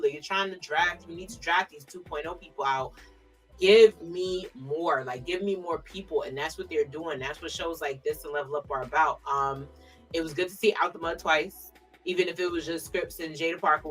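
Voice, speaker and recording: A woman's voice: low-pitched, a bit bright, far from the mic. A woman co-hosting a podcast, chatting casually and emphatically about last week's matches, full of slangy asides. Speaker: podcast co-host. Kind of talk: casual wrestling recap chat.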